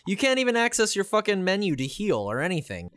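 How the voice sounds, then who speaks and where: A man's voice: high voice, quick pace, clear, resonant tone. A man co-hosting a casual gaming podcast, swearing freely and acting out characters' lines as he recaps. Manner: animated and profane, acts out characters' lines. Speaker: podcast co-host.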